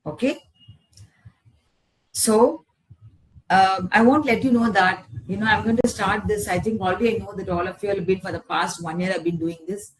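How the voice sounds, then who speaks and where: A woman leading a guided healing meditation over a video call, speaking slowly and gently in repeated affirmations. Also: mid-range voice, slight background noise, rough recording. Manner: slow, gentle, repetitive affirmations. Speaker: healer leading a guided session.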